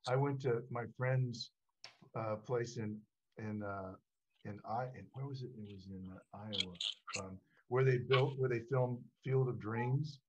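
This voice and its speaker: A man's voice: medium pitch, fairly even intonation, unhurried, slight background noise. An older man hosting a podcast, rambling in casual chat and searching for words. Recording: dull lo-fi sound.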